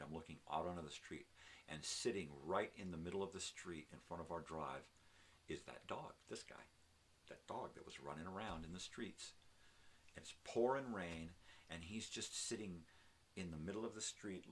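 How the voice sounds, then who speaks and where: A man's voice: extremely low pitch, fairly bright tone, slight background noise. An older man hosting a live morning show, telling a rambling story casually and often tagging lines with "right?". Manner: talks to his dog, tags lines with "right?".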